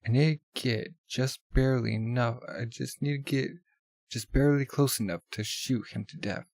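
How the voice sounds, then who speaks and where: Man reading a determined young racer's inner monologue, gravelly voice, dry close sound. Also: mid-range voice, normal speed, a little mellow, no room sound, natural voice.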